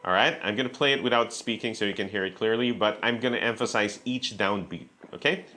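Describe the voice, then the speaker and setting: Patient low-voiced man teaching guitar. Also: fairly quick. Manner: patient, counts beats aloud, says okay often. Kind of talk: instructional guitar lesson. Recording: loud guitar playing behind the voice.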